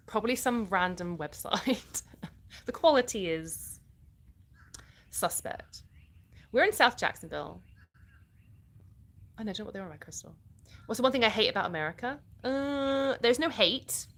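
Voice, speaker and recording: A woman's voice: fairly high pitch, lively intonation, moderate pace, pauses often, a bit bright. A middle-aged British woman from the UK, chatting casually on a live stream, reading and answering viewers' comments and laughing often. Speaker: livestream host.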